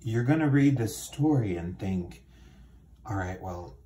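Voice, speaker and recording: A man's voice: lowish voice, expressive, measured pace, warm tone, a little hiss or hum. A man hosting a comedy show, reading a children's book aloud with dry, sardonic asides.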